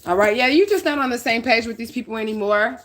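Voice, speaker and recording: Her voice sits on the high side and she speaks at a quick pace while doing a casual tarot reading. The northern American woman is blunt and swears a lot, frequently checking in with "okay?"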